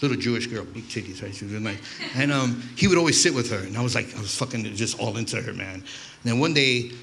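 A male comedian from New York works through a stand-up set in a bright, forward voice. He rambles, curses often and trips over his own restarts. His pitch sits in a middle range. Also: quick pace, vocal fry, a little hiss or hum. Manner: profane, rambling, self-interrupting. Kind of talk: stand-up storytelling.

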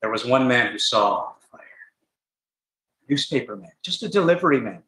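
A man's voice: medium pitch, big pitch swings, normal speed. Dramatic preacher man, echoey tent. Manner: dramatic storytelling, wide swings in loudness. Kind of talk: gospel tent sermon. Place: large tent meeting.

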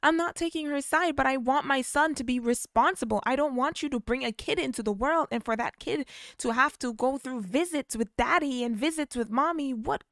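A woman voicing a worried middle-aged mother who pleads with and scolds her grown son, in a high, strained tone. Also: normal speed, a bit bright, dry recording, clean studio sound. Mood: scolding.

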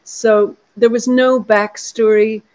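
A woman in her sixties with a soft Irish accent, chatting animatedly in an interview with frequent restarts. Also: fairly high pitch, level tone, slow. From Ireland. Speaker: actress and producer. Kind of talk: interview conversation.

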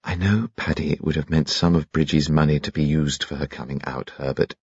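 A man's voice: a bass voice, fairly even intonation, fairly quick, darkish tone, slightly rough, no echo, dull audio, heavily acted. A man doing a weary society lady. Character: tired, anxious society lady.

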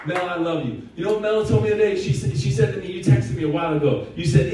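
A man preaching a sermon as pastor in a church, impassioned and at times shouting with laughter. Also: high-pitched, fast, hardly any pauses, crowd noise. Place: church sanctuary. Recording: echoey hall from far off. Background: congregation responding.

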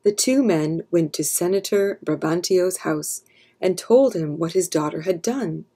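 A woman narrating an abridged classic play as a calm, steady read-aloud story for children. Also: fairly low pitch, measured pace, husky. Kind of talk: scripted narration.

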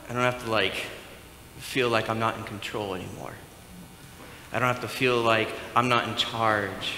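A man's voice: medium pitch, bright, forceful tone, echoey room, in a large hall, slight background noise, low-quality recording. A man preaching a sermon as pastor, talking conversationally and asking the congregation questions. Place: church sanctuary.

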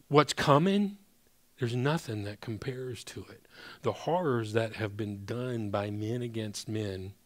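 A man preaching a sermon in a loose, conversational way, speaking at an ordinary middle pitch. He talks to the congregation like friends, pushing some words hard and letting others fall almost to a whisper. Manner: conversational preaching with sudden emphatic rises and hushed drops; addresses congregation as brothers and sisters. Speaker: pastor.

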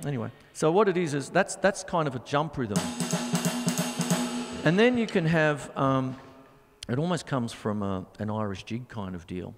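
A man's voice: medium pitch, lively intonation, normal speed, in a large hall, over loud music. A middle-aged man hosting a live drum show, chatting in a rambling way and scatting drum rhythms. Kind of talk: casual live-stream chat and drum demonstration.

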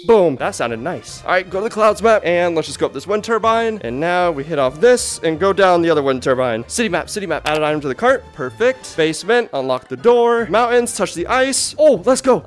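A young man commentating his own gameplay and talking to himself as he plays, excitable and quick to react. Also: sits high. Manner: excitable, talks to himself while playing. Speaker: gaming creator.

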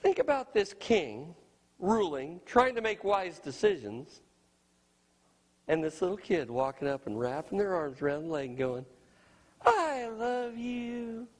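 A middle-aged male pastor preaching a sermon with emphasis, often asking "you know what?" and swinging between loud high phrases and soft low ones. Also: lively intonation, normal speed, big-room sound.

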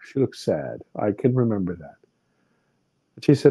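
A man's voice: fairly low pitch, very animated, normal speed, warm tone, husky, no echo. A man in his fifties, a podcast guest, vividly retelling a personal experience with many restarts. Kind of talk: personal storytelling in an interview.

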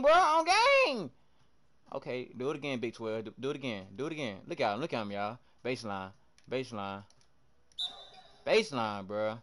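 There's a little hiss or hum behind this young livestreamer, whose medium-pitched voice runs at normal speed. He plays a basketball video game live, chatting to viewers, reacting loudly to plays, and trash-talking opponents with animation.

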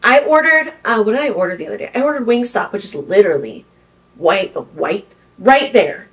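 A woman's voice: mid-range voice, animated, brisk, distant mic, rough recording. A young woman hosting a podcast, chatting casually and filling her talk with "like" and "literally.". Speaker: podcast host. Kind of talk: casual chat.

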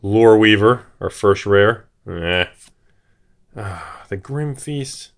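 A man hosting a card-opening video, talking in a hyped, jittery way and shouting at big pulls. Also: fairly low pitch, takes it slowly. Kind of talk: excited casual commentary.

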